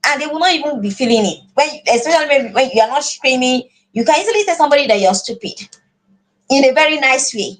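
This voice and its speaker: High, lively Nigerian woman teaching. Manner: earnest, repeats words while finding phrasing. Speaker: parenting class teacher. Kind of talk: live online class.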